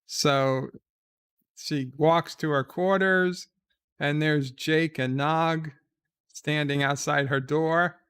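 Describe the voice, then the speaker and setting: A man giving live reaction commentary, retelling a TV episode in a slow, relaxed way with fillers. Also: fairly high pitch, clear, resonant tone, no room sound.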